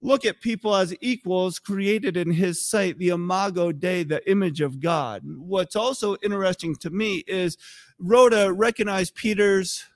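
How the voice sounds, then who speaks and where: An American man preaching a sermon as pastor, telling the story with animated acted-out quotes. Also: high voice, moderate pace, few pauses, dry recording, studio quality.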